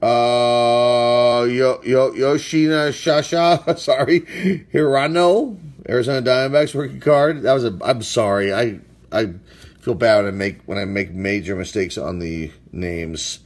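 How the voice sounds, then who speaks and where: Slow-talking man reading out baseball cards. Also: mid-range voice. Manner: reads player names aloud, stumbles and apologizes on hard names. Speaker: sports card collector opening packs. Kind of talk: casual card-break commentary.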